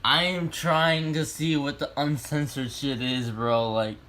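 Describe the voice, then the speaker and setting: A young man vlogging alone at home, crude and swearing, going from mumbling to loud outbursts. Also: medium pitch, fairly even intonation, unhurried. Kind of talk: casual solo vlog. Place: home room.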